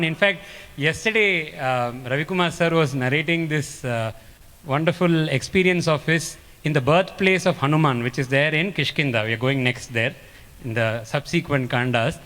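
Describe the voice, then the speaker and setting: A man's voice: high-pitched, sharp tone. Earnest man giving a spiritual talk. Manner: earnest, emphatic, repeats phrases for stress. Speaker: speaker at a spiritual gathering. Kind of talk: spiritual discourse with storytelling. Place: large ashram hall. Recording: long hall reverb.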